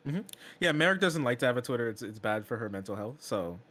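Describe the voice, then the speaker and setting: Upbeat, lively-voiced man talking fast. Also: mid-range voice. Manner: upbeat and supportive. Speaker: panel guest. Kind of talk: casual chat.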